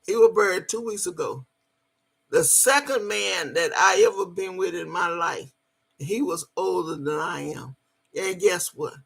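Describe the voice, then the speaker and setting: A woman's voice: lowish voice, a little slow, gravelly, a bit bright, husky. A woman, telling a story in a blunt, emphatic way and cussing freely. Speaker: vlogger. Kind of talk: profane storytelling monologue.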